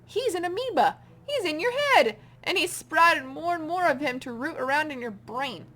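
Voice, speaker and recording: A woman reading a story game aloud as the channel host, dramatic and expressive, going from hushed to loud. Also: sits high, normal speed.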